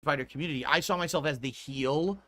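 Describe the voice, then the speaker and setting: A man's voice: on the high side, fast talker, pushed and bright, no echo. A streamer in a played clip, a man rambling about his past in casual talk, repeating himself and swearing freely. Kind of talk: casual storytelling.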